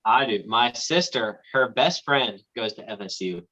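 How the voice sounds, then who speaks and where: A young man co-hosting a casual sports podcast, joking and quick to laugh, on a dull lo-fi recording. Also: medium pitch, expressive, bright, forceful tone. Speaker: podcast co-host. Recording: dull lo-fi sound.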